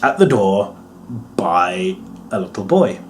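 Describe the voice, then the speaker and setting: A man's voice: low-pitched, big pitch swings, slow pace, a little hiss or hum. A young English man with an English accent giving a rambling, casual wrestling review, laughing often and swearing freely. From England.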